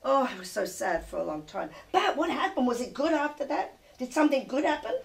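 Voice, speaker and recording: A woman's voice: high-pitched, very animated, a little fast, creaky, slight background noise. An older woman from England hosting a TV show, chatting with a child guest in a gushing, doting, sing-song way. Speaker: TV show host. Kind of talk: casual chat with a child guest.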